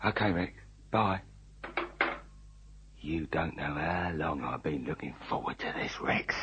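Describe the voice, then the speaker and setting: An actor playing a menacing armed robber with a Cockney accent, in a vintage radio drama. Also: male voice, extremely low pitch, animated, a little slow, noisy background. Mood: sly. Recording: dull lo-fi old radio recording.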